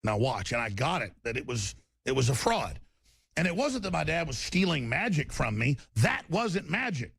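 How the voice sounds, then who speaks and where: A middle-aged male talk radio host from Texas holds forth in a heated, rambling monologue, his voice swinging up and down as he restarts his sentences. He has a heavily gravelly, fried tone with a husky edge. The studio mic sounds close and dry. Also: fairly high pitch, sing-song, moderate pace, a bit bright, dry recording. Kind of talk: impassioned political talk monologue.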